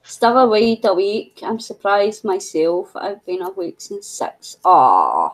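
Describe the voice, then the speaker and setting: Poor audio carries the medium-pitched voice of a middle-aged Scottish woman running a casual craft livestream. She talks slowly with few pauses and huge swings in pitch, rambling chattily and cooing at her pet along the way.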